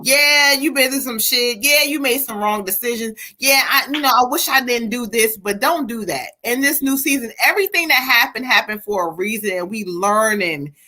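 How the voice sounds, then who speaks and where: A woman hosts a live spiritual reading. Her voice is bright and a little high, and she talks emphatically, cursing freely and calling the viewers "y'all" and "child". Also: moderate pace, few pauses. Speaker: livestream co-host giving spiritual readings.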